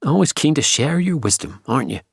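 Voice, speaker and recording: A woman's voice: low voice, animated, fairly quick, vocal fry, slightly rough, no echo, studio quality, voice pushed up, exaggerated voice. A man voicing a prickly young female police detective with a Belfast accent, in an audiobook. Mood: teasing. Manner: sharp, prickly retorts.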